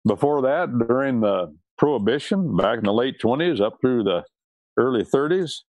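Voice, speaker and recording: A man's voice: medium pitch, animated, moderate pace, a little mellow, slight background noise. A man preaching a sermon on scripture and law, stressing and repeating key words.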